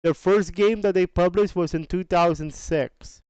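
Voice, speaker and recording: A man hosts a podcast, walking through sales numbers in a slow, easygoing, chatty way. His voice is fairly high and smooth. The sound is dry and a little dull. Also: darkish tone, dry recording. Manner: unhurried, chatty, restarts phrases, slangy asides. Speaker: podcast host. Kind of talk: casual podcast commentary on game sales data.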